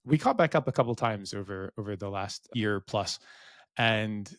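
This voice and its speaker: A man's voice: lowish voice, moderate pace, fairly bright tone, no echo, clean studio sound. A middle-aged man co-hosting a podcast, telling a rambling, self-deprecating story and acting out the dialogue. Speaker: podcast co-host. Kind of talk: candid storytelling.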